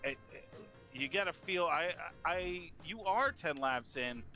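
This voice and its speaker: A man giving eager play-by-play commentary on a video game race, rising in excitement at each crash. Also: fairly high pitch, takes it slowly, music in the background.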